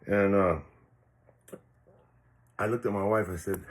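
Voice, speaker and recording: Deep-voiced older man telling a frank story. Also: normal speed, long pauses, darkish tone. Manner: rambling, frank and profane, with many restarts and fillers. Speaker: retired police officer telling a personal story. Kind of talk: casual storytelling monologue.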